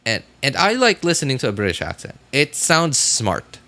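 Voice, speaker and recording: A man's voice: medium pitch, huge pitch swings, moderate pace, bright, forceful tone. A man streaming a game, chatting casually and rambling, with many fillers, restarts and self-corrections. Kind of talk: casual live-stream chat.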